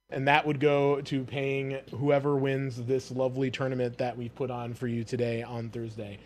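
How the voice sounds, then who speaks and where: A man commentating a live stream, rambling jokingly through a donation pitch. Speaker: tournament commentator.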